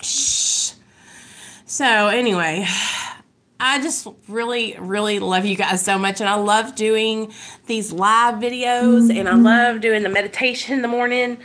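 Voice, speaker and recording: Bright-voiced young mother chatting candidly. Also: a little high, steady tone, a little slow. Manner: rambling, full of "like" and "you know". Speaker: mother sharing her recovery in a live video. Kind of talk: candid casual live chat.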